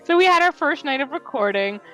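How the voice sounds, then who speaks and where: A woman's voice: sits high, animated, brisk, sharp tone, soft background music, poor audio. A woman co-playing a game, telling a story casually between laughs. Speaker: co-player. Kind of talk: casual chat.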